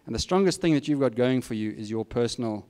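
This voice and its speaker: A fast-talking middle-aged man with an expressive, medium-pitched, darkish voice addresses students as a guest speaker. His informal advice talk is candid and plain-spoken about careers, with self-deprecating asides mixed in.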